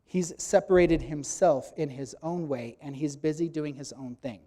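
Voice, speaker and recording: Man, preacher, sermon delivery, emphatic, slightly high-pitched, loud acted-out quotes. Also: normal speed. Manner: emphatic, acts out quotes with sudden loud bursts. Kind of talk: sermon teaching.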